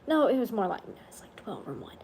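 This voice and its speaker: A woman's voice: medium pitch, wildly swooping pitch, brisk, gravelly, a little hiss or hum. A woman chatting on a casual livestream, tired and under the weather, rambling and yawning. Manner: rambling, yawning, soft-spoken asides. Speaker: vlogger on a livestream.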